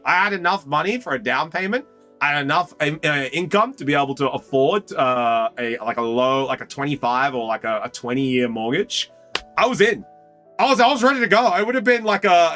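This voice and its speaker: A man's voice: on the high side, expressive, normal speed, sharp tone, faint music behind. A young Australian man chatting casually on a card-opening stream, rambling and slangy and often repeating himself. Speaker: streamer opening trading cards. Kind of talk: casual live chat.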